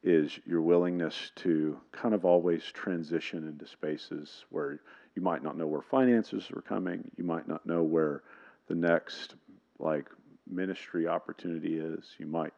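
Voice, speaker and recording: Very deep-voiced man, hesitant and casual. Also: fairly even intonation, a little slow, gravelly, warm tone, dull audio. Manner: casual, searching, hesitant phrasing. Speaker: pastor introducing a guest. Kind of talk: church introduction.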